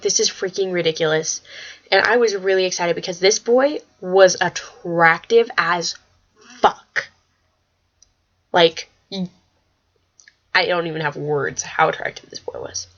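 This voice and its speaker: A teenage girl chatting in a casual vlog, rambling and excitable, swearing when she gets worked up. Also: mid-range voice. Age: teens. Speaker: vlogger. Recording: slightly dull lo-fi webcam audio.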